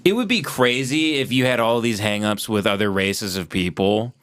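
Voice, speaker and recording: A man's voice: lowish voice, normal speed, a bit bright, smooth, no echo. A man hosting a comedy podcast, teasing his guest in a dry, casual way. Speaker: podcast host.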